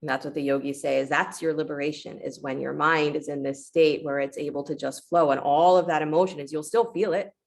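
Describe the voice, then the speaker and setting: A woman yoga teacher guiding a class with calm, encouraging short cues, then reflecting on letting go in a storytelling way. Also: low voice, fairly quick, gravelly, hardly any pauses. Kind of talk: guided yoga class instruction.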